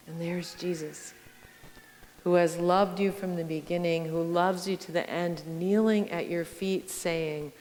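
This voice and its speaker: A middle-aged woman pastor giving a sermon, telling stories slowly and reflectively and speaking straight to her congregation. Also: on the low side, little pitch movement, a little mellow. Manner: slow, reflective storytelling with direct address to the congregation. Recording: long church reverb.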